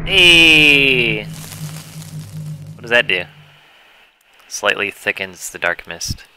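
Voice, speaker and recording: A young man streaming a horror game, swearing and shouting in panic as he plays. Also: low voice, measured pace, faint music behind, low-quality recording. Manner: loud, panicky, swearing, shouts and trash-talks while playing. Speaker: gamer streamer. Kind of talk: live horror game commentary.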